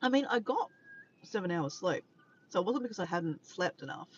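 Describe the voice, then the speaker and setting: An animated Australian woman with a voice on the low side speaks at a moderate pace while livestreaming from her car. Tired, she chats casually and rambles, greeting viewers by name and correcting herself, and the dull lo-fi recording carries faint background noise.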